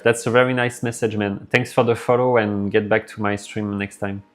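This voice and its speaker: A man's voice: fairly low pitch, little pitch movement, normal speed, few pauses, soft background music. A man with a French accent, live streaming and chatting casually with his viewers, rambling as he answers their messages aloud.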